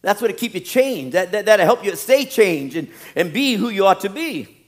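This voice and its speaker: A middle-aged man preaching a sermon as pastor, swinging from loud emphatic peaks to quiet low asides and jokes. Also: expressive, moderate pace.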